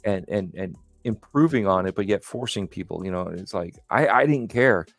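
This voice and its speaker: A man's voice: low-pitched, lively intonation, normal speed, dry recording, soft background music. A man hosting a casual podcast chat, telling stories in a rambling, enthusiastic way. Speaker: host.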